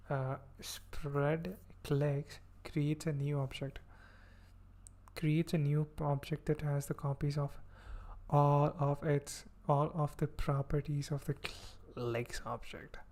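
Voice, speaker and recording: A man's voice: a little high, a little mellow. A man streaming himself coding, thinking aloud as he reads code, with playful asides. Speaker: livestreamer learning web development. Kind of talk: casual coding livestream.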